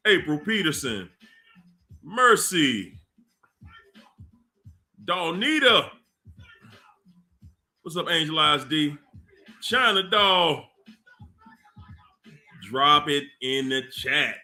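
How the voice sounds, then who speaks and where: A man hosting a casual livestream, slowly reading out names from the chat with warm laughs. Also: fairly high pitch, big pitch swings, soft background music. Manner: slow, drawn-out shout-outs with laughs. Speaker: livestream host.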